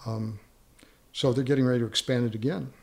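A middle-aged man, a father of a big family, recounting anecdotes in a relaxed group chat. He talks with animation and slips into the voices of the people in his stories. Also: mid-range voice, brisk. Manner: animated anecdote-telling, acts out quoted voices. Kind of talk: casual chat.

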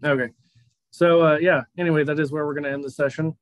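A man's voice: on the high side, fairly even intonation, fast, no room sound, rough recording. A laid-back man narrating as game master of a tabletop game, who laughs easily.

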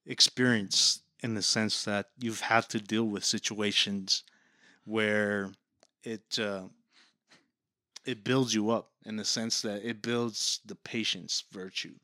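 A man's voice: lowish voice, steady tone, slow, bright, forceful tone, no echo, clean studio sound. A man co-hosting a podcast, chatting casually, dropping Spanish slang and explaining his points. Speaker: podcast co-host. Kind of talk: casual chat.

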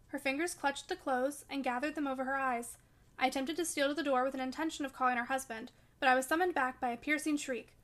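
A woman narrating a classic novel aloud in a measured, steady way. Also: sits high. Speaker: audiobook reader.

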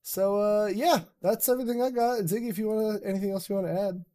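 A man with a slightly high voice hosts a loose podcast chat. He rambles, jokes and swears freely as he talks. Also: fairly even intonation, fast talker, mellow. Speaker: podcast host. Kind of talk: casual chat.

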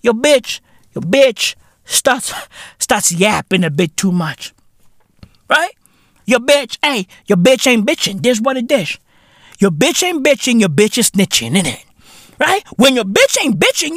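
A man hosting a podcast, delivering a profane comedic rant full of street slang and sudden shouted bursts. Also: very high voice, big pitch swings, measured pace, dry recording, clean studio sound. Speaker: podcast host.

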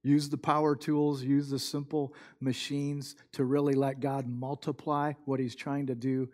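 A male pastor giving a sermon, telling a story and acting out the people in it, turning soft and quiet at the moving parts. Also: medium pitch, measured pace. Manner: storytelling, quotes people in lively bursts, drops soft for moving moments.

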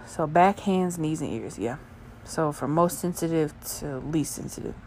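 A young woman telling a crude, profane story in a casual, animated way, often laughing. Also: deep voice, normal speed, slight background noise. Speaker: vlogger.

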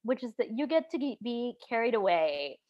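A woman's voice: on the high side, normal speed, highs cut off. A woman, a writer, chatting casually about films, talking in restarts and trailing asides with frequent laughs. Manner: chatty, animated, laughs often, trails off mid-sentence. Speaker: podcast guest, writer.

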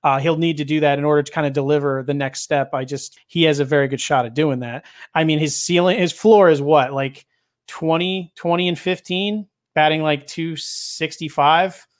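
A man's voice: on the high side, steady tone, moderate pace. A man in a casual chat about fantasy baseball, rambling and often correcting himself. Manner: rambling, self-correcting, hedging. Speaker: fantasy baseball podcast panelist.

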